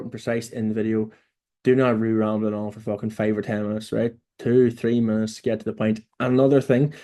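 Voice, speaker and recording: A man's voice: medium pitch, mellow. A young Irish man coaching beginners in a casual, blunt monologue, swearing freely and tagging lines with "right?". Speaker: online business coach. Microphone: phone or camera mic in a room.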